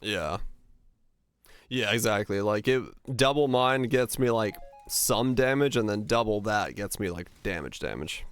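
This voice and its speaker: A man with a neutral American broadcaster-like accent, livestreaming and chatting casually in a relaxed, rambling way. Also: lowish voice, unhurried, clear, resonant tone, no echo, soft background music. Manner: relaxed, rambling, many fillers. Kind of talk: casual chat while gaming.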